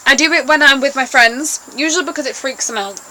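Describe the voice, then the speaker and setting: Bubbly girl with a bright voice. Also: high voice, quick pace, a little hiss or hum, low-quality recording. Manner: bubbly, rambling, playful. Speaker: vlogger. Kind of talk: casual chat to camera.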